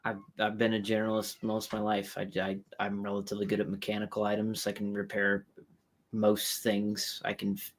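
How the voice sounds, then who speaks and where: A man's voice: on the low side, completely flat delivery, brisk. A man in a casual group chat, hesitant and self-deprecating. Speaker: panel guest.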